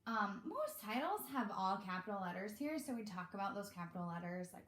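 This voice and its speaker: A chatty woman teacher explaining classroom activities to parents in an easy, rambling way. Her voice sits at an ordinary pitch and bounces around an echoey room at home. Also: a little fast, hardly any pauses. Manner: chatty, relaxed, with many fillers. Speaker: kindergarten teacher. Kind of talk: casual instructional talk to parents.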